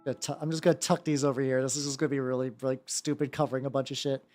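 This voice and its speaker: A woman chatting casually on a live stream while painting miniatures, excitable and swearing freely, often repeating her words. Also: a bass voice, rapid-fire, faint music behind.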